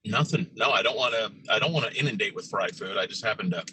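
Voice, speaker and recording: A middle-aged man co-hosting a podcast, telling a story in a casual, profane, animated way. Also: quick pace, breathy edge, rough recording. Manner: animated, profane, jumps into high voices for quotes. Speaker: podcast co-host.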